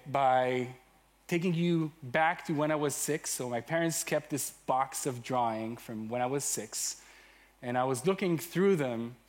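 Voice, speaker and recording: Enthusiastic man from Israel giving a talk. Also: a little high. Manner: enthusiastic, self-deprecating, with frequent fillers. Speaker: conference speaker. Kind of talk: conference talk. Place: conference stage.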